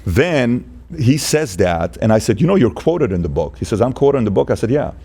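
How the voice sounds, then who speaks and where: A man appearing as a podcast guest, telling animated stories and acting out quoted dialogue with emphasis. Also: mid-range voice, brisk, breathy edge. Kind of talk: animated storytelling.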